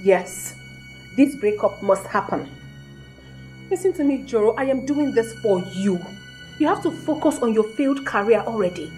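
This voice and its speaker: A woman's voice: on the high side, animated, normal speed, mellow, faint music behind, lightly acted. A Nigerian actress playing a haughty young woman who coldly lectures and dismisses her boyfriend. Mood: scornful. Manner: cold, scornful, lecturing. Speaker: actor. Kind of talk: film acting.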